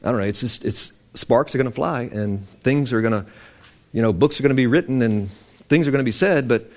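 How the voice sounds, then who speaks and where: A man preaching, emphatic and animated, quoting scripture as he teaches. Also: medium pitch, fairly quick. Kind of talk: sermon-style teaching.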